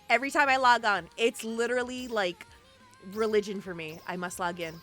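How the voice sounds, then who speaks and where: A woman's voice: on the high side, fairly even intonation, a little fast, sharp tone. A woman streamer chatting casually and exclaiming often as she plays an online game, with faint game music behind. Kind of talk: casual gameplay commentary.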